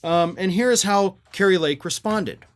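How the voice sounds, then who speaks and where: A man's voice: high-pitched, measured pace. A man hosting a political commentary show, talking in an indignant, sarcastic way and reading out quotes at length.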